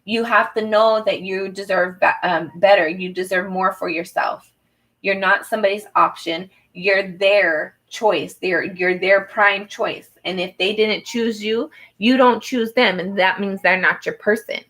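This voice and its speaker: A woman's voice: mid-range voice, fairly even intonation, unhurried, a bit bright, rough recording. A woman doing a personal tarot reading who talks to the viewer in an earnest, encouraging way, with many fillers and restarts. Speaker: tarot reader.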